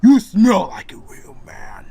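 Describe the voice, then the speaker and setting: A man's voice: huge pitch swings, slow pace, gravelly, dark tone, husky, full character voice. A man voicing a menacing male wolf-handed beast who gloats as he hunts a god. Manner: booming, gloating, sniffing out prey.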